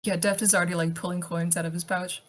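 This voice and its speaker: A woman's voice: on the low side, level tone, fast. A woman playing in a tabletop game, speaking in a matter-of-fact, practical way. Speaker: player. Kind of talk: casual tabletop play.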